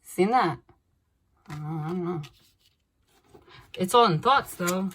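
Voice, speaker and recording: A woman doing a casual tarot reading, blunt and animated, swearing freely and laughing between cards. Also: lowish voice, a little slow, a little hiss or hum. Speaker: tarot reader.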